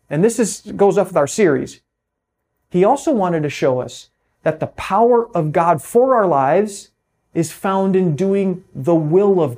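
Earnest pastor with a fairly high voice. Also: male voice, darkish tone. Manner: earnest, slows down to stress key phrases. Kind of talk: sermon.

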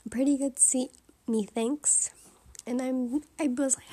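A young woman telling a rambling personal story in a quiet, hushed way, full of fillers. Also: sits high, fairly even intonation, a little slow. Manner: chatty, rambling, many fillers. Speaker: vlogger. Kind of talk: casual storytime chat.

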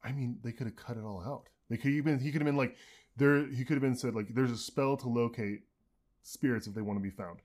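A laid-back man co-hosting a casual podcast. He calmly pushes back on his co-host's opinions about a TV show. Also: mid-range voice, fast talker. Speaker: podcast co-host. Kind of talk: casual chat.

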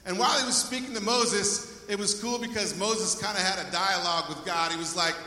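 A man's voice: high-pitched, fairly even intonation, a little fast, sharp tone. A male pastor preaching a sermon in a church, speaking with energy and calling out to the congregation for praise. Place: church sanctuary. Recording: echoey hall, voice from far off.

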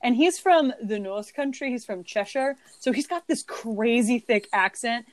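A young woman co-hosts a podcast in a wry, chatty way, her voice set a little high. She is recorded close and dry, with no room sound. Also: expressive, a little mellow, dry recording. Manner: chatty, wry, reads aloud quickly. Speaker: podcast co-host. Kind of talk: casual chat.

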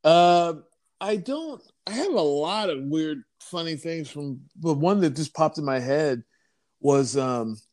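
A man's voice: on the high side, lively intonation, slow, darkish tone, dry recording, clean studio sound. A man telling a story in a casual chat, rambling with many restarts. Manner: rambling, lots of fillers and restarts.

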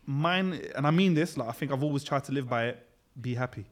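A man's voice: medium pitch, a little fast. A young man co-hosting a podcast, chatting casually and teasing his friends. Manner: laid-back, jokey, teasing. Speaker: podcast co-host. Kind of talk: casual chat.

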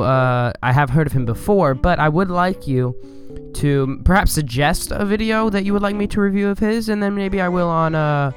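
A man hosting a casual podcast, answering listener call-ins in a playful, rambling, mock-serious way. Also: a little high. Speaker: podcast host.

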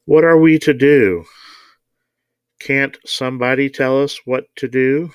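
A man's voice: medium pitch, fairly even intonation, slow pace, clear, resonant tone, no room sound, studio quality, voice pushed up, natural voice. A man voicing a desperate male leader in an audiobook reading, barking orders. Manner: barking, demanding. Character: shouting desperate male head of state.

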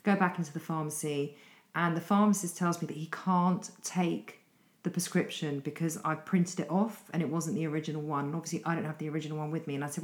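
A middle-aged woman with a British accent retells her chaotic evening in a rambling, breathless way, full of self-deprecating asides. Her voice sits a little low. The room around her rings with noticeable echo. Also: fairly even intonation, fast talker. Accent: British English. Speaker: coach. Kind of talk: casual storytelling monologue.

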